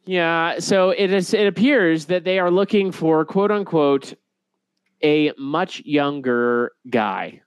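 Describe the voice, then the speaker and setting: A young man co-hosting a podcast, rambling and animated in casual chat. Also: on the high side, slow pace, clean tone, no room sound. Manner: rambling, animated, laughs at own jokes. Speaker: podcast co-host.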